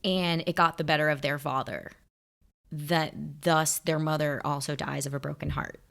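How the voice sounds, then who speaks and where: Low gravelly-voiced chatty woman. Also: steady tone, normal speed, a bit bright. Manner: chatty, jokey, laughs often. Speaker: podcast co-host. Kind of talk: casual chat.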